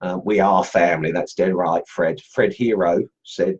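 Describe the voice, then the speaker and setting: A middle-aged man with a low, husky voice chats loosely on a live stream, stumbling through fillers and restarting his sentences. The sound is dull and lo-fi. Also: expressive, slow pace, a little mellow. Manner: rambling, many fillers and restarts. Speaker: host of a wood carving group live stream. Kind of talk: casual live stream chat.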